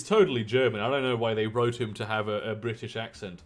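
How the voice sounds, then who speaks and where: A man's voice: on the low side, steady tone, quick pace. A man streaming a video game, reading its story text aloud and chatting casually in between.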